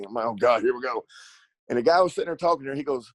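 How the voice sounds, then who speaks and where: Fast-talking middle-aged man, dry sound. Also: medium pitch, animated, dry recording, poor audio. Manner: rambling, laughs often, repeats words. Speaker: ATV racer and riding school coach. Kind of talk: casual storytelling interview.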